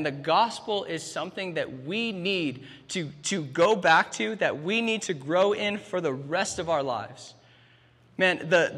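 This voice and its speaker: A man's voice: on the high side, fairly bright tone, slightly rough, long reverb tail. A man in his thirties preaching a sermon, emphatic, often starting lines with "man" and restarting phrases. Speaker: pastor.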